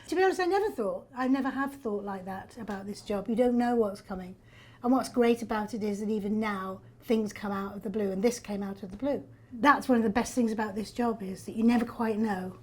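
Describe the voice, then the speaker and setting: An older woman, a stage actor telling backstage stories in a lively, self-deprecating way with frequent laughs. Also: medium pitch. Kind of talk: backstage storytelling. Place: theatre backstage.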